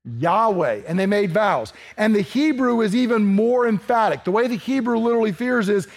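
High-voiced animated preacher man. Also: normal speed. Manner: animated, asks the congregation questions, acts out dialogue. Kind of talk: sermon.

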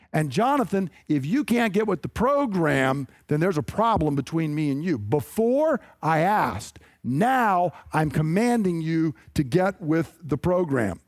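A man preaching a sermon, emphatic and conversational, acting out quick asides. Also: a little high, no echo, studio quality.

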